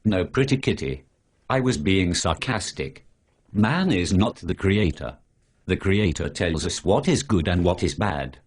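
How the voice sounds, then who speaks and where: A man's voice: low voice, lively intonation, measured pace, breathy edge, full character voice. A speech synthesizer doing a preachy sarcastic superhero man. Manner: lecturing, sarcastic, lists things off. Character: preachy sarcastic male superhero who refuses pork. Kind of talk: synthetic animated dialogue.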